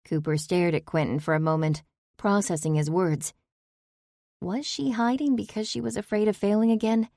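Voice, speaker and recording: A woman narrating a novel in measured storytelling. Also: mid-range voice, steady tone, dark tone, dry recording, studio quality. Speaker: audiobook narrator. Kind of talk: scripted narration.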